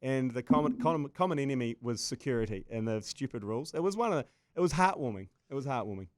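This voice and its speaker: A man's voice: medium pitch, animated, fast, a little mellow, dry recording, studio quality. A man with a New Zealand accent co-hosting a casual podcast, trading crude jokes and laughing often. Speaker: podcast co-host.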